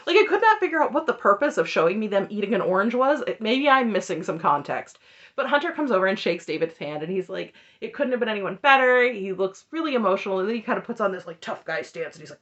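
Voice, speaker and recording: A woman's voice: fairly high pitch, lo-fi sound. A woman in casual commentary recapping a reality show, laughing often and acting out what people said. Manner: animated, laughs often, acts out quotes.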